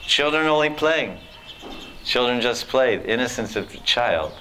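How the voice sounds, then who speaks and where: A man telling devotional stories in a sermon, animated, acting out characters and laughing often. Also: medium pitch, normal speed, a little hiss or hum. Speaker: spiritual teacher. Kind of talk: storytelling sermon.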